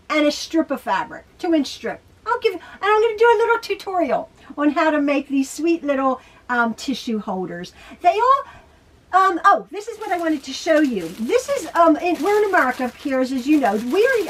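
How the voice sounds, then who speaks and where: A middle-aged woman chatting through a home sewing tutorial, talking quickly and rambling with fillers and restarts. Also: extremely high pitch, a bit bright, far from the mic. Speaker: quilting teacher. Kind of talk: casual sewing tutorial chat.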